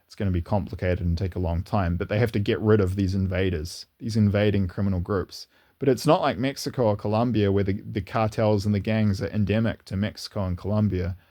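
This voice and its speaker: A man with a low, mellow voice talks casually to his channel in an unscripted monologue. He rambles and restarts often, repeating words as he gathers his thoughts. His pitch climbs eagerly when he gets enthusiastic. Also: fairly even intonation, a little fast. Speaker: channel host. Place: lives in New Zealand, indoors.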